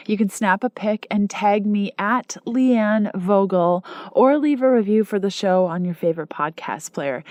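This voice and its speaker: A woman's voice: mid-range voice, darkish tone, dry recording, studio quality. A woman podcast host reading a friendly mid-show plug to listeners. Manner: upbeat, friendly direct address.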